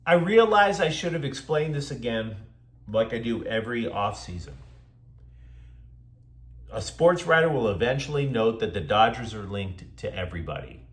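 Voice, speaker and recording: Sarcastic sports commentator, lively pitch. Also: male voice, normal speed, echoey room. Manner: sarcastic, mocking asides. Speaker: sports show host.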